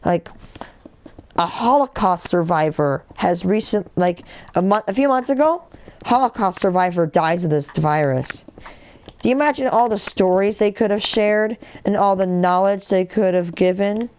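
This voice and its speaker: A woman's voice: mid-range voice, normal speed, a little mellow. A woman streaming a game live, ranting in a heated, indignant way with lots of fillers and restarts. She is from the United States. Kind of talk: rambling live-stream rant while gaming.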